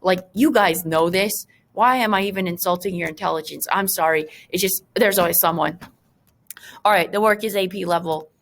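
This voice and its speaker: A woman's voice: fairly low pitch, normal speed, a bit bright. A woman teacher talking through a screen-recorded lesson, chatty and full of fillers, with joking asides to her students.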